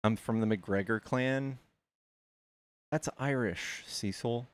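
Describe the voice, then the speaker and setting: A man from the United States streaming, chatting casually and telling rambling, animated stories with plenty of swearing. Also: medium pitch, slow. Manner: rambling, animated storytelling with profanity. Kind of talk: casual chat.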